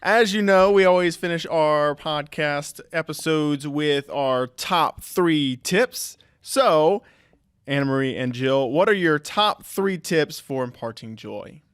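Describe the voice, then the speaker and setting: A man's voice: on the high side, takes it slowly, fairly bright tone, smooth, dry recording, clean studio sound. A man co-hosting a casual educators' podcast who leads into the closing tips segment. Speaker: podcast co-host.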